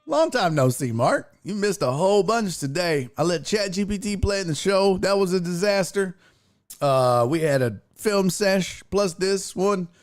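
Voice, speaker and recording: A young adult man hosting a live stream, telling stories in an animated, profane way and acting out the people in them. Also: sits high, unhurried, faint music behind. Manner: animated storytelling with profanity and acted-out voices. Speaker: streaming show host. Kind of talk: casual live-stream chat.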